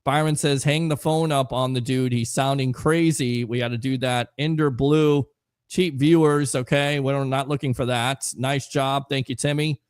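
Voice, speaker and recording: A man's voice: medium pitch, fairly even intonation, normal speed, smooth, no room sound. Chatty male sports talk host. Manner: chatty, reads viewer comments, fillers. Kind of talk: casual live call-in sports talk.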